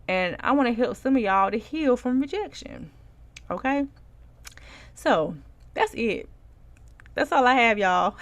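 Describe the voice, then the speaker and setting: A woman hosting a faith-based podcast, talking casually and preaching to listeners, calling them y'all, with animated exclamations. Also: medium pitch, vocal fry. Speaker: podcast host and Christian life coach.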